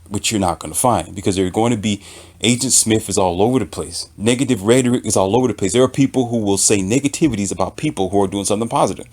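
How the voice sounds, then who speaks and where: Male commentator, mid-pitched, animated intonation, repeats key phrases like a sermon. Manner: emphatic, repetitive, preaching tone. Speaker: author and commentator. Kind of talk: impassioned opinion monologue.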